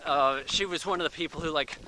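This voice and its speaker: A man giving a casual, rambling movie review, full of fillers and quick acted-out asides, recorded outdoors near traffic. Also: on the high side, pushed and bright, rough recording.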